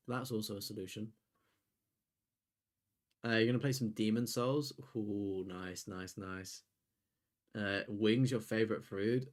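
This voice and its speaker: Man, live streamer, rambling chat, lowish voice. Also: a little mellow. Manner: rambling, chatty, reads and answers chat. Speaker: streamer host.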